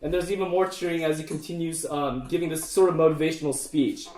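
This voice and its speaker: A man narrating as the game master of a tabletop campaign, his voice slightly high for a man. He speaks in a relaxed, chatty way and laughs easily with his players. The room is echoey. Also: quick pace.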